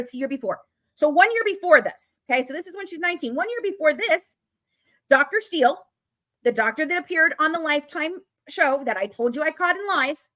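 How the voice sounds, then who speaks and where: High-voiced, heated woman ranting about true crime. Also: fairly bright tone. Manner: emphatic, repetitive, swears when worked up. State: openly angry. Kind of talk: casual true-crime rant to viewers.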